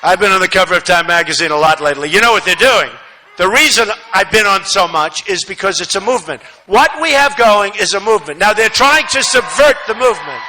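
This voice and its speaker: A man giving a campaign rally speech, repeating phrases for emphasis and swinging between shouting and muttering asides. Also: sits high, animated, brisk, poor audio. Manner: repetitive, emphatic, rambling asides. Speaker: political speaker at a rally. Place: large rally venue, no seating.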